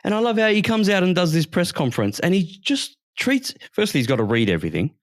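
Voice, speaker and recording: A man's voice: high-pitched, big pitch swings, quick pace, dry recording, clean studio sound. Fired-up man ranting on a podcast. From Western Australia. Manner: heated ranting, swearing, mocking quotes. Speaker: podcast co-host. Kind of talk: casual podcast chat.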